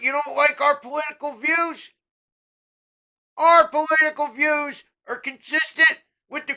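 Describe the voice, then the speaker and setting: High, bright-voiced angry ranter. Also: poor audio. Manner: profane, shouting, heated. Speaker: political commentator. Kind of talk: angry political rant.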